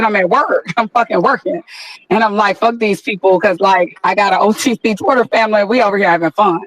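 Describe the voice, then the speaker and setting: A woman's voice: medium pitch, no echo, low-quality recording. Effusive, profane woman. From Atlanta, USA. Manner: effusive, profane, drawn-out words. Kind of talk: casual chat on an audio chat room.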